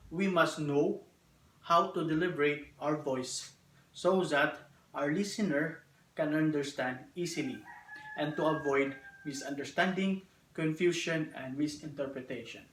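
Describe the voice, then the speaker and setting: A man giving a classroom presentation to his teacher and classmates, speaking in measured, deliberate phrases. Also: fairly high pitch, slight background noise. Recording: echoey room, distant mic.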